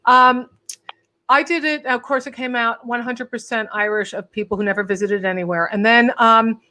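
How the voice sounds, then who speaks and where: A woman hosting an interview, chatty and quick to laugh, reading out comments from viewers. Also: fairly high pitch, steady tone, sharp tone. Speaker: podcast host. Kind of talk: casual interview chat.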